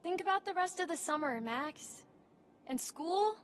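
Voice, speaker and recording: A woman's voice: extremely high pitch, animated, unhurried, slight background noise. An actress playing a blunt, fiery young woman camp counselor who swears a lot in a game cutscene. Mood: angry.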